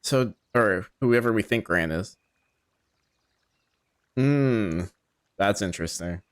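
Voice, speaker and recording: A man's voice: lowish voice, expressive, takes it slowly. A man commenting casually on a story game as he plays, joking and swearing offhand. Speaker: gaming streamer. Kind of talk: casual let's-play commentary.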